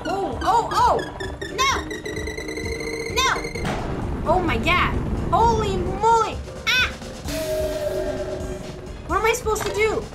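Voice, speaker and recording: An excitable woman streamer narrating her gameplay live, with frequent cries and exclamations. Her voice runs high and bright. Clear game music plays behind her. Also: takes it slowly, long pauses. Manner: excitable, shrieking, laughing. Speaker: gaming streamer. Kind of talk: live let's play commentary.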